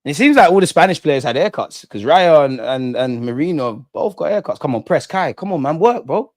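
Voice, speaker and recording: A young man hosting a live football watch-along, blunt and slangy, chanting and shouting when his team scores. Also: on the high side, lively intonation, brisk, no room sound, studio quality.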